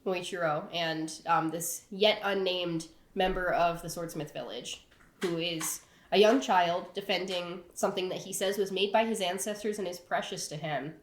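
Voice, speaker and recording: A woman's voice: fairly low pitch, normal speed. Casual woman co-host in a roomy house. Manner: thinking aloud, many fillers, laughing. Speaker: podcast co-host. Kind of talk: casual chat. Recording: roomy echo.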